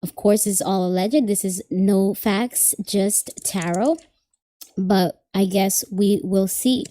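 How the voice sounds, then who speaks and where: A woman's voice: mid-range voice, slow pace, dark tone. A woman giving a live tarot reading, chatting casually and thinking aloud with plenty of asides. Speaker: tarot reader.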